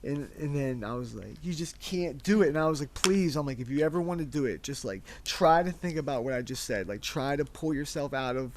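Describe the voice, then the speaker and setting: A man's voice: mid-range voice, brisk, hardly any pauses, slight background noise. A man co-hosting a casual chat with his wife, talking in a rambling, emotional way and swearing freely. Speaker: podcast co-host, husband.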